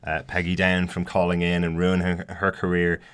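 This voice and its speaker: A man's voice: low voice, completely flat delivery, normal speed, a bit bright, clear, resonant tone. A man co-hosting a podcast, chatting casually and enthusiastically about a TV episode and laughing often. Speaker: podcast co-host. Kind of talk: casual TV review chat.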